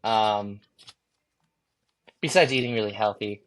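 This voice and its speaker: A man, a guest on an interview show, telling his story candidly and profanely, acting out his own thoughts in lively bursts. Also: lowish voice, takes it slowly.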